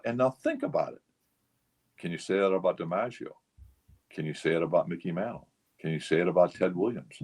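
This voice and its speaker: Low-pitched, darkish, and slightly rough, an older man over sixty talks fairly quickly as a guest on a casual radio show. He's a memorabilia collector whose stories meander and are thick with fillers.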